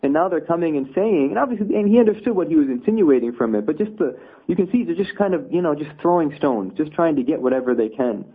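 Husky man teaching a religious lesson. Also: a little high, lively intonation, fast talker. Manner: conversational, with rhetorical asides. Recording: tinny phone-like audio.

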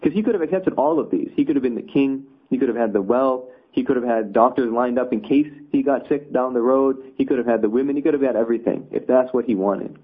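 A man's voice: medium pitch, fast talker, hardly any pauses, husky. A man teaching a conversational religious lesson, explaining with rhetorical asides. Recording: tinny phone-like audio.

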